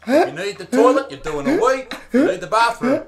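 A man's voice: very high-pitched, big pitch swings, a little fast, a crowd in the background. An Australian man ranting in a mocking, crude, over-the-top comedic style, full of sarcasm. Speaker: comedian on a video clip.

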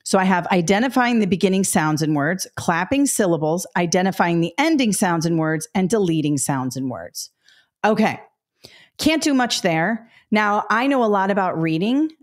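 A woman's voice: lowish voice, expressive, normal speed. A middle-aged woman teaching a test-prep webinar, explaining step by step, correcting herself and talking straight to viewers. Her throat is a little dry. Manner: explanatory, self-correcting, addresses viewers directly. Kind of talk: webinar lesson.

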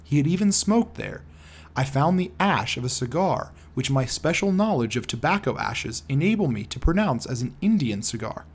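A man reading as a precise, calm detective. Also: medium pitch, husky. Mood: explaining. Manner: measured, precise and reasoning. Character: shrewd, calm male detective explaining deductions. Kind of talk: audiobook character reading.

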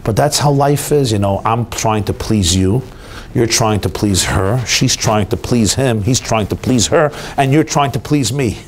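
Animated male rabbi telling stories. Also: measured pace, slight background noise. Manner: animated storyteller, swings pitch for emphasis. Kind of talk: inspirational talk with jokes and stories. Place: hotel event hall.

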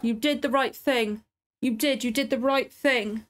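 A woman's voice: a little high, steady tone, measured pace, a bit bright, soft background music. A woman reacting to a TV drama in casual commentary, emotional and swearing freely as she pleads with the characters. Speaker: TV show reactor.

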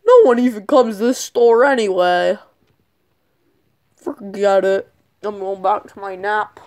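A woman voicing a bored male phone store clerk with flat, drawn-out sales talk. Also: mid-range voice, lightly acted.

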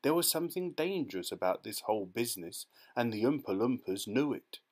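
A man narrating a children's storybook in a lively, expressive manner. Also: mid-range voice, fairly quick. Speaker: audiobook narrator.

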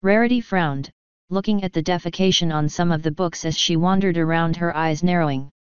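A woman reads a fan story aloud at a steady, even pace. Her voice is low and very smooth and clear. The recording is dry and close, but dull and lo-fi. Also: brisk, no room sound. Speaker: fanfiction reader. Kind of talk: story narration.

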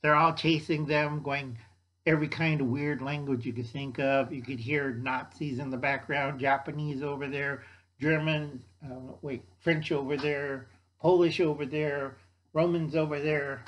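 A man's voice: on the high side, little pitch movement, measured pace, a bit bright, low-quality recording. An older man hosting a video, rambling through a made-up movie plot and losing his place in his notes. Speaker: YouTube host.

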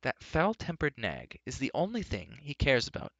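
A man's voice: medium pitch, huge pitch swings, normal speed, creaky, a bit bright, dry recording, pitched above the performer's own voice, heavily acted. A wry, blunt bard, as a man puts him on, muttering his remarks in a voice lifted well above the reader's own. The storybook reading is dry and a little dull. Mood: grumbling.

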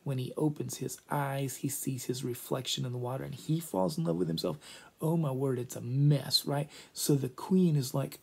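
A man retelling a play for a class in an animated, chatty way, full of asides. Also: medium pitch, a little slow, creaky, husky. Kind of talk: lively story retelling.

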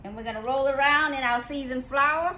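A woman talks a viewer through a recipe in her home kitchen. Her voice sits high, and she is folksy and exuberant, with frequent whoops. A faint hum of room noise sits behind her. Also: brisk, bright, forceful tone, rough recording. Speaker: cooking show host. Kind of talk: casual cooking demonstration.

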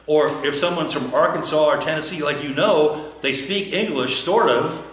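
A man's voice: fairly high pitch, normal speed, a bit bright. A male pastor giving a chatty, joking sermon, often putting questions to the listeners. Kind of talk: conversational sermon. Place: church. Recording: very echoey church.

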